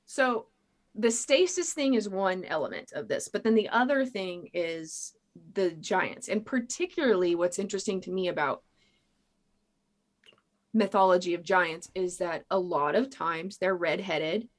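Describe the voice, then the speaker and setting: A woman's voice: lowish voice, lively intonation, a little slow. A woman in her thirties hosting a casual chat, telling stories with many fillers. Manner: chatty, filler-heavy storytelling. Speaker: podcast host.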